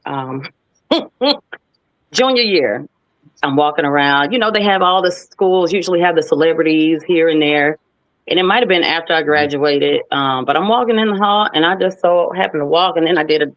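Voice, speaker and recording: Brief: playful, animated woman in her thirties, casual guest talk, dry muffled call audio. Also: sits low, no room sound. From United States. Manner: lively, playful, animated when retelling stories. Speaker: guest actress. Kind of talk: casual interview storytelling. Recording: dull lo-fi, dry sound.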